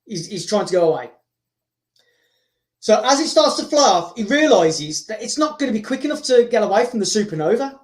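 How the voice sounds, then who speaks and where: A man hosting, rambling excitedly through a story told casually, with frequent repeats and restarts. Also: sits high, a little fast. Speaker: host. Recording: roomy echo.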